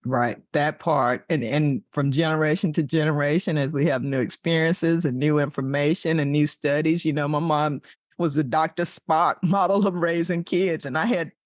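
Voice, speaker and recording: Male host, higher voice, reflective and affirming, dry close sound. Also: fairly even intonation, normal speed, no room sound. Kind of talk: conversational interview.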